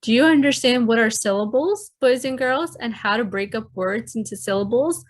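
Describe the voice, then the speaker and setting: A woman teacher giving a recorded lesson to children, explaining clearly and addressing them directly. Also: a little high, normal speed.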